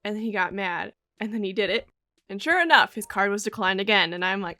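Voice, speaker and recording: A woman's voice: medium pitch, fairly quick, sharp tone, no echo. A young woman from Minnesota telling a casual story in a wry, sarcastic way, with laughs. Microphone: studio USB microphone.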